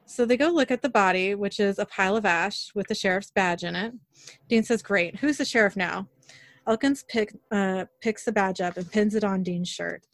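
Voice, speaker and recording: This podcast host, a woman with a middle-range pitch, briskly narrates a TV episode's scenes and voices the characters' dialogue without really changing her delivery. It's a casual recap, recorded close and dry with minimal room sound.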